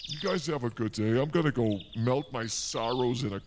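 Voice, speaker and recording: A man's voice: medium pitch, moderate pace, a little hiss or hum. A man hosting a comic show, ranting in exasperation in a forest preserve. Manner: exasperated, rambling rants. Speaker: comedy show host. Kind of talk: comic outdoor monologue.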